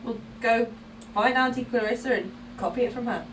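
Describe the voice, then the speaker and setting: A woman's voice: a little high, fairly quick, far from the mic, a little hiss or hum. A woman player in a tabletop game, bossy and teasing in casual chat.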